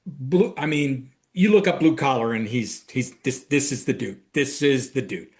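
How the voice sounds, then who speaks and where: A man's voice: medium pitch, moderate pace. A man from Ohio co-hosting a podcast, telling stories in casual chat and acting out the lines of the people in them. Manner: animated storyteller, acts out quoted lines. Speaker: podcast co-host.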